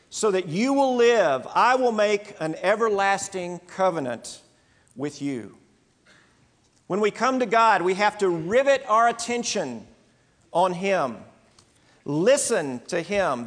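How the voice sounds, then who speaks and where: A man preaching a sermon, earnest and emphatic, in short phrases with pauses. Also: sits high, a bit bright, big-room sound.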